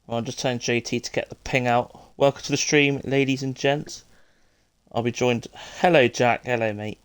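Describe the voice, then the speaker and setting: A man's voice: medium pitch, steady tone, moderate pace, clean tone. A British man hosting a live racing stream, chatting casually and bantering with his viewers before the show starts. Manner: chatty, banters with viewers, greets people constantly. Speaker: stream host and commentator.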